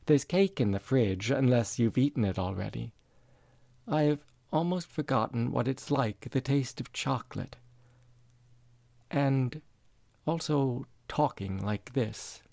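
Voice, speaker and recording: A man reading the part of a dying elderly mother, speaking softly and tenderly. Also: mid-range voice, animated, slow, vocal fry, no echo. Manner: soft, tender, reflective.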